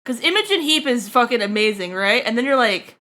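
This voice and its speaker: A woman chats with her viewers during a livestream, making crude jokes as she goes. Her voice sits high and sounds bright and sharp. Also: expressive, fairly quick. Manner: crude, joking, chatty with viewers. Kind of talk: casual stream chat while drawing.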